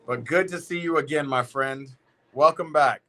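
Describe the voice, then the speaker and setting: A man's voice: fairly high pitch, moderate pace, fairly bright tone, a little hiss or hum. A man streaming a football watch party, reacting in a loose, slangy, exclaiming way. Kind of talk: live football watch-along commentary.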